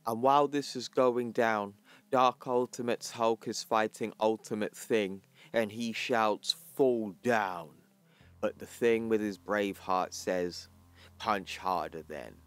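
Slow, low-voiced man recapping comics. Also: clean tone, no room sound. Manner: plain, even storytelling, reading characters' lines in his own voice. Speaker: channel host. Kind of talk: comic book recap narration.

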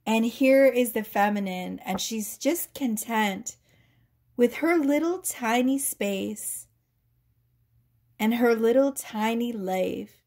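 A woman's voice: a little high, slow, a little mellow. A woman tarot reader chatting casually with viewers, giggly, playful and sassy, laughing often. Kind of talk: casual tarot reading chat.

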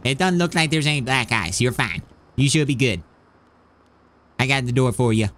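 A man's voice: mid-range voice, normal speed, fairly bright tone. A man chatting in character during a game roleplay, rambling with many fillers. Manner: rambling, casual, full of "like" and fillers. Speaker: roleplay player.

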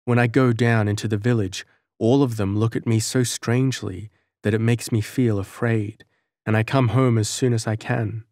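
A man's voice: lowish voice, fairly even intonation, normal speed, darkish tone, no room sound, studio quality, natural voice. A man voicing a lonely young village girl who pleads earnestly and tearfully, in a storybook reading. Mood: troubled.

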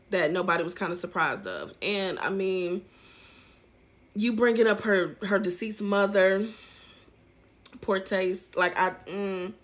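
A woman's voice: mid-range voice, fairly bright tone. A woman hosting a celebrity gossip show, chatting casually and sassily straight to her viewers. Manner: sassy, chatty, speaks straight to viewers with slang. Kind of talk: casual commentary.

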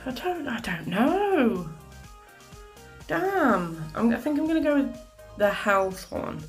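A woman's voice: fairly high pitch, sing-song, takes it slowly, faint music behind. A woman giving chatty, exasperated commentary over a game she is playing, with plenty of mild swearing. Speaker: gaming commentator. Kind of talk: live gameplay commentary.

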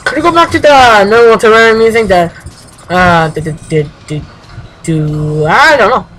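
Excitable young gamer with lively pitch. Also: male voice, moderate pace, a little hiss or hum, poor audio. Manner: excitable, swears often, jumps into high exclamations. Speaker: gameplay commentator. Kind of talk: casual let's-play commentary.

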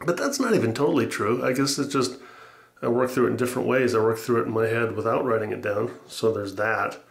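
A man rambles to his camera from a room upstairs at home, thinking aloud with wry asides. He is a little out of breath and stops often on fillers. His voice sits at a middle pitch and carries a roomy echo. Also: gravelly. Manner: musing, wry, halting with fillers. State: slightly out of breath. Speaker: vlogger. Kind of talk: rambling casual vlog. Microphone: camera mic.

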